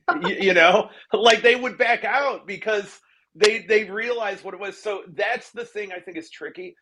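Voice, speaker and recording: A man's voice: sits high, lively intonation, a little slow, pushed and bright. A man who writes television comedy, chatting casually in a podcast interview, often laughing at himself and restarting his sentences.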